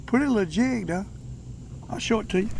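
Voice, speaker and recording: An older man with a Southern drawl talks on a boat in the open air, with steady outdoor noise clear behind him. His voice sits a bit high for a man, and he rambles in a folksy, chatty way, breaking into excited cries. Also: fairly quick. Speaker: fishing vlogger. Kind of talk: casual talk to camera while fishing. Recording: outdoor background noise on a lake.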